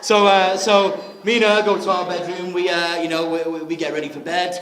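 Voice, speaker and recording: A man telling a story in his wedding speech sounds brisk and chatty, laughing often, his high voice showing little pitch movement. He's recorded in an echoey reception hall with a crowd.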